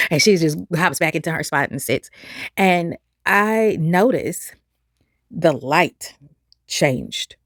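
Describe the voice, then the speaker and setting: A woman, telling a personal story to camera in an animated, expressive way. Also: lowish voice, no echo, clean studio sound. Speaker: vlogger.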